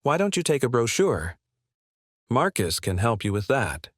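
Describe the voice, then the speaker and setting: A man's voice: mid-range voice, big pitch swings, a little slow, no room sound, clean studio sound. A male narrator reading the lines of a smug, condescending car sales manager who talks down to people.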